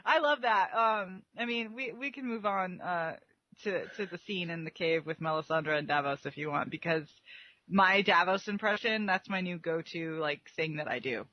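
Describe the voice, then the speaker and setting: A woman's voice: on the low side, normal speed, dry recording. Woman cohost, giggly, does little voices for lines, dry muffled audio. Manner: laughs often, acts out characters' lines. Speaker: podcast co-host. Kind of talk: casual chat. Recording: dry, dull lo-fi recording.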